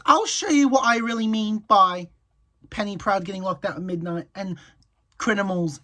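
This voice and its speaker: A woman's voice: mid-range voice, moderate pace, pushed and bright. Angry profane woman ranting. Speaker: commentary vlogger. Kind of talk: ranting commentary.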